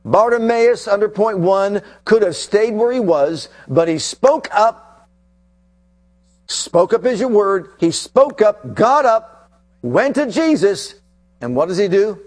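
A man preaching a sermon with passion, swinging between loud bursts and hushed, drawn-out lines. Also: high-pitched, expressive.

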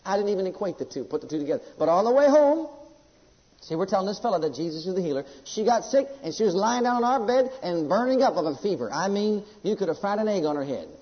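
High-voiced emphatic male preacher. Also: lively intonation, fast, hardly any pauses. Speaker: pastor. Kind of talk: sermon. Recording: echoey hall, dull lo-fi.

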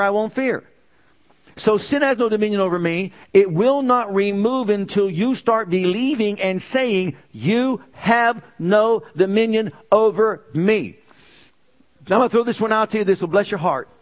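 Male preacher, sermon delivery, somewhat high-pitched, call-and-response with the congregation, stretched emphatic lines.

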